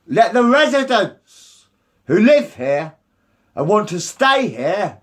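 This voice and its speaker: A man's voice: high-pitched, very animated, slow, a bit bright. A man, ranting angrily and repetitively with lots of swearing. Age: 50s. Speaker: resident facing eviction. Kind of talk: angry rant to camera.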